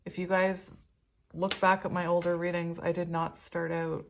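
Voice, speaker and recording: A woman's voice: fairly low pitch, level tone, normal speed, vocal fry. A woman doing a casual spiritual tarot reading, chatty and rambling, laughing often as she talks. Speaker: tarot reader.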